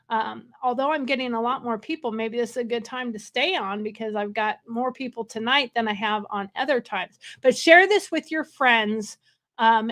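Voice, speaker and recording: A woman's voice: a little high, fairly bright tone. Wired, chatty woman. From California. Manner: rambling, wired and chatty with laughs. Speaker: livestream host. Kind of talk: casual livestream chat. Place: hotel room.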